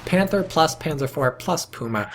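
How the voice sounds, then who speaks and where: A man casually casting a strategy game match, chatty and sardonic, with sudden excited outbursts. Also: fairly high pitch, normal speed, over a noisy crowd. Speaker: game commentator. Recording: noticeable background noise.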